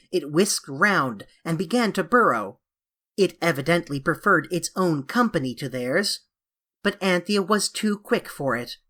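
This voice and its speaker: Reading a classic children's novel for an audiobook, this woman uses a low-pitched voice and tells the story in a measured, expressive way.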